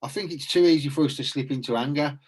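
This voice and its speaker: A man's voice: fairly high pitch, fast talker, slightly rough. Earnest man, rambling talk. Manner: earnest, rambling, many restarts. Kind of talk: casual reflective chat.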